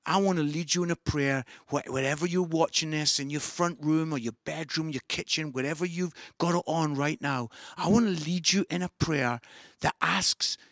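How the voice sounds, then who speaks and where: A man preaching an online sermon, animated and enthusiastic, shouting some lines and growing soft and low at others. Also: moderate pace, no room sound, clean studio sound. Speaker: pastor.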